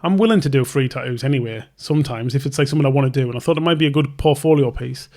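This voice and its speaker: Here a young male tattoo artist who hosts a podcast tells a long, meandering story in a relaxed way, cutting himself off, starting over, and voicing both sides of the exchange. He speaks rapid-fire in a mid-range, slightly mellow voice.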